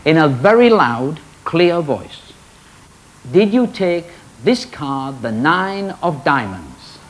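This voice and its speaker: Speaking slowly in a voice on the high side, a man hosts a magic show and ribs the crowd with animated stage patter. The audio is poor, with the studio audience laughing and making noise.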